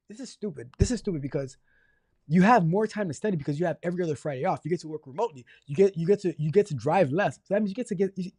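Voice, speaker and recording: Animated man hosting a tech career show. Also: a little high, no room sound, clean studio sound. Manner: animated and exasperated, repeating himself for emphasis; jokey, swings between mock outrage and apology. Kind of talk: live call-in advice show, reading viewer questions.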